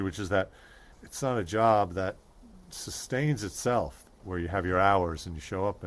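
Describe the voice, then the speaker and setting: A man being interviewed as a stand-up comedian, talking in a thoughtful way with restarts and dry humor. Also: low voice. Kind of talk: casual interview chat.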